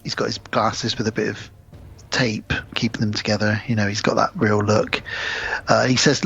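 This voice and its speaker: A husky-voiced man talks through a film's plot for his co-host, casually and with plenty of swearing. He slips into the characters' lines as he goes. The audio is dull and lo-fi, like a home podcast setup. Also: lowish voice, flat delivery, normal speed, a bit bright. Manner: retelling a film plot with acted quotes, sweary. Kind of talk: casual film recap chat.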